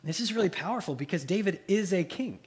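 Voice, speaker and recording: A male pastor preaching a sermon in a conversational way, often checking in with the listeners and dropping soft for emphasis. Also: sits high, expressive, fast talker.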